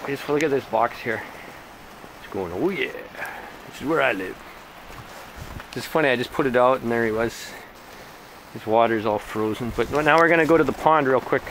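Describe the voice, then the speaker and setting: A man vlogging casually while training his puppy, rambling and chatting, breaking into high sing-song baby talk to his dogs. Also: brisk, fairly bright tone. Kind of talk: casual chat. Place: in a car, then outdoors by a pond. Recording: noisy car and outdoor ambience.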